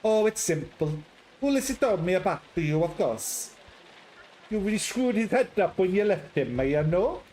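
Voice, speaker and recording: A man's voice: high voice, expressive, measured pace, warm tone, a little hiss or hum, voice pushed up, poor audio. A man putting on an Italian accent to voice a blunt, flirtatious woman stallholder, exuberant and theatrical. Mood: teasing. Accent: put-on Italian.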